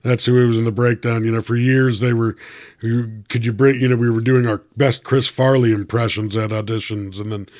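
A man's voice: medium pitch, little pitch movement, fairly quick, few pauses, a little mellow. Stammering bearded comic actor, a man. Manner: stammering, self-deprecating storyteller. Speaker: actor and podcast guest. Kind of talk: casual chat.

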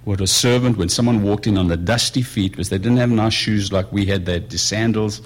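A man preaching a sermon in a conversational way, moving between quiet musing and raised emphasis. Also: lowish voice, brisk. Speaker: pastor.

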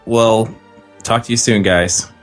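A man co-hosting a casual podcast chat, animated and mock-indignant. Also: lowish voice, takes it slowly, soft background music. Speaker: podcast co-host.

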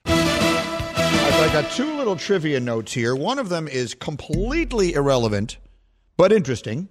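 Guy hosting sports radio, teasing and disbelieving, voice jumps all over, kinda high. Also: a little slow, faint music behind. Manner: incredulous, teasing, animated. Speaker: radio show host. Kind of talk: casual sports radio banter.

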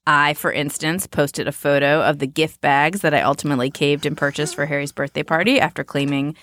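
A woman's voice: deep voice, level tone, brisk, a bit bright, no echo, studio quality. A woman in her thirties co-hosting a podcast, telling self-deprecating stories in casual chat, laughing often. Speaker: podcast co-host.

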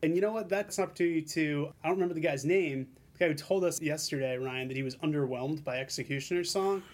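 A man with a somewhat high voice co-hosts a podcast. He reads out listener mail in casual chat and jokes around with animated energy. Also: fast talker. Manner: playful, animated banter. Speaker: podcast co-host.

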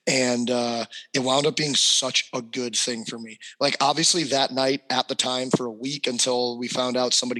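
A man's voice: mid-range voice, bright, forceful tone. A young adult man and hockey trainer, co-hosting a podcast and telling a personal story animatedly, with many fillers. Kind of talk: casual storytelling.

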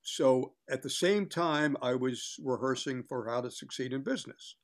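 A man's voice: medium pitch, moderate pace. An older man, a longtime sports broadcaster, telling chatty anecdotes in an interview and acting out what others said. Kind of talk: casual storytelling in an interview.

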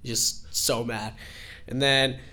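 A man's voice: mid-range voice, slow pace. A young man telling a rambling, laughing personal story at a live storytelling event. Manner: rambling, laughing, animated retelling.

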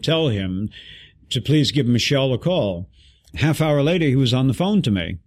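A man guest telling an animated story in an interview, acting out the voices of people he quotes. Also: mid-range voice, normal speed.

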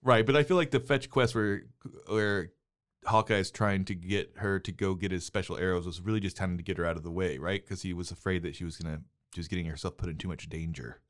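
Using headphones and a studio mic, a middle-aged man co-hosts a movie podcast alongside his son, bantering about films and TV. He's teasing and bossy, laughs a lot, and speaks a little fast in a low, steady voice.

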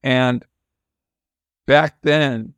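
An older man with a gravelly, creaky voice tells rambling, candid stories as an interview guest. He speaks at a middle pitch into a close mic in a dry room. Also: steady tone, drawn-out words, no room sound. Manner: rambling, candid storytelling with restarts. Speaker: guest musician. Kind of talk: casual storytelling interview.

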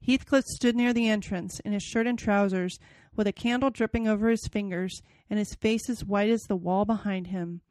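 A woman's voice: mid-range voice, steady tone, moderate pace, darkish tone, dry recording. A woman hosting a podcast, chatting casually and reading a novel passage aloud with dramatic expression. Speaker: podcast host.

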